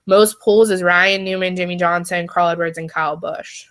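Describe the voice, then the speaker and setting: A young woman co-hosting a casual chat show, animated and teasing. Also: fairly low pitch, normal speed, clear, resonant tone. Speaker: podcast co-host.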